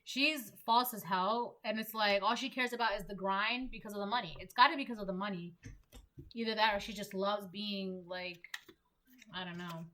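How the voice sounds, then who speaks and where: A woman's voice: medium pitch, moderate pace, sharp tone. A young woman giving a casual collective tarot reading, emphatic and repetitive, full of "like". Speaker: tarot reader.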